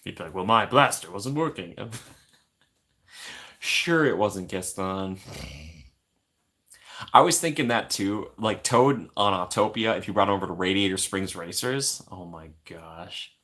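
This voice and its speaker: A man's voice: sits low, a little slow, pauses often, a bit bright. A man chatting casually with his viewers on a livestream from home, rambling and laughing often.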